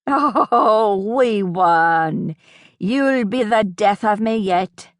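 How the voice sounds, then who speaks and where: A woman's voice: mid-range voice, lively intonation, extremely slow, no echo, studio quality. A woman reading an audiobook, voicing an affectionate young mother who talks fondly to her little child. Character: young mother, fond and teasing.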